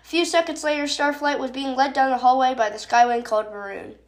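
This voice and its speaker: A woman's voice: high-pitched, fairly even intonation, fast talker. A woman hosting a podcast, chatting casually and reading her own story aloud with fillers and self-corrections.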